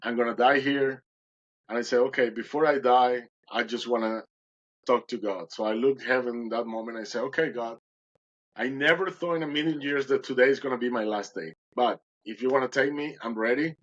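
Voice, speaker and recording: A man's voice: mid-range voice, fairly even intonation, a little fast, highs cut off. A podcast guest, a man, recounting a dramatic personal story in conversation and acting out his own words with animation.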